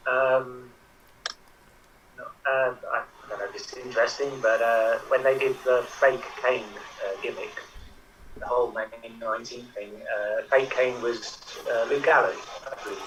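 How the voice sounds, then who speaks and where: A man's voice: medium pitch, fairly even intonation, unhurried, a bit bright. A man on a video call, answering hesitantly with many fillers as a contestant. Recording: distant with faint noise.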